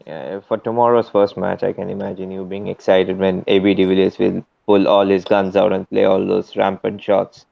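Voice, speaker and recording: A man's voice: sits low, little pitch movement, normal speed, vocal fry, hardly any pauses, no room sound. A man on a cricket panel talking emphatically and with enthusiasm about a star batsman. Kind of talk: casual cricket chat. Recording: dull dry lo-fi mic.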